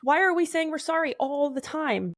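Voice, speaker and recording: A woman hosting a conversational podcast interview, talking in an animated, emphatic way. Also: high voice, normal speed, dry recording, clean studio sound.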